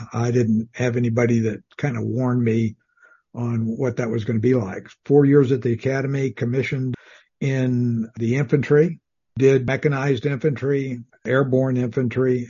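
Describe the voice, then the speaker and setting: Brief: older male guest from South Texas, calm and soothing, mellow husky tone. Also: mid-range voice, highs cut off. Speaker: guest, retired Army officer. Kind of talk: casual interview.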